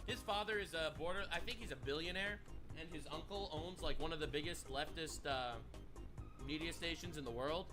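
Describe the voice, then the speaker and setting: A man's voice: on the high side, a little fast, over music. A man hosting a stream, giving mocking, sarcastic reaction commentary. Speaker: stream host.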